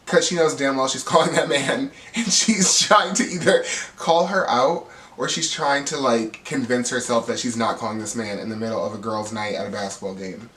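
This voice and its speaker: A man giving a gossipy, animated recap of a reality TV episode, acting out the cast's lines with bursts of laughter. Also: mid-range voice, normal speed, roomy sound, distant mic, slight background noise. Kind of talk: casual recap commentary.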